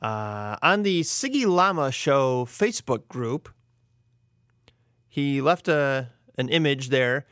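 A man's voice: mid-range voice, lively intonation, slow, a bit bright, no room sound, clean studio sound. Wry rambling male podcast host. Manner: rambling, wry, self-deprecating asides. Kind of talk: casual solo podcast talk.

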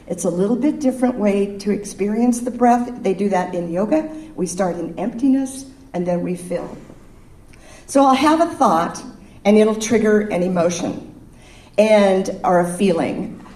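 A woman with an unhurried, dark, medium-pitched voice gives an informal sermon with breathing exercises at a spiritual service. She is playful and chatty, laughing along with the audience. The distant mic picks up a lot of echo from the hall.

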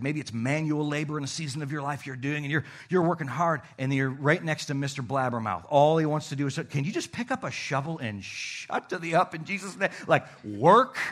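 Animated preaching pastor, man, fairly high voice. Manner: animated preaching with calls to the congregation. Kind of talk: sermon. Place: church.

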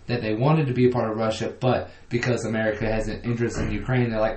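A man's voice: fairly low pitch, fairly even intonation, fast talker, a little mellow. Chatty man in an echoey room. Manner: rambling, laughs often, restarts mid-sentence. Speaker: podcast co-host. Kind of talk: casual comedic chat. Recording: roomy echo.

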